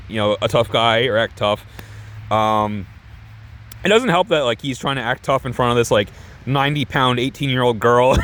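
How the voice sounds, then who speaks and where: A man's voice: mid-range voice, fairly bright tone. A man reviewing a movie in casual, rambling chat, sarcastic and profane, often restarting his sentences.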